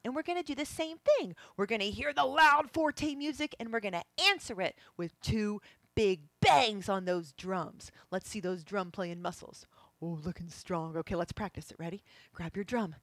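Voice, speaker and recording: Lively woman teaching music to children. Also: mid-range voice, dry recording. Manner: animated and playful, often dropping to a whisper.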